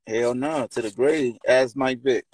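A man hosting a sports podcast with a Virginia accent, taunting and shouting at players in casual trash talk. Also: medium pitch, a little slow, noisy background. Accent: Virginia (757 area). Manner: loud, taunting, animated, shouts and laughs. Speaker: podcast host.

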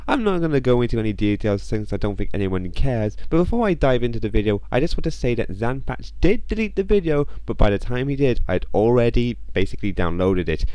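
A man's voice: medium pitch, very animated, brisk, hardly any pauses, warm tone, smooth, no echo. A man hosting a video commentary, speaking in a sarcastic, mocking way.

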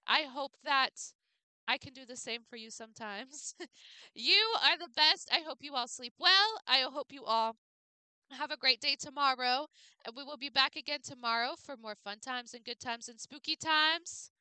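A woman's voice: sits high, moderate pace, sharp tone, dry recording. A young woman streaming a game late at night, chatting casually with viewers, bubbly and playful, tripping over names and laughing. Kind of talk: casual live-stream chat while gaming.

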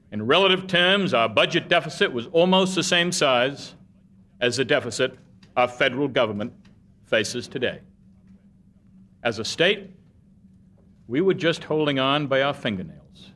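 A man delivering a formal state budget address in an auditorium, measured and oratorical, with a light humorous touch. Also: mid-range voice, bright, forceful tone. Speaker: governor. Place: museum auditorium.

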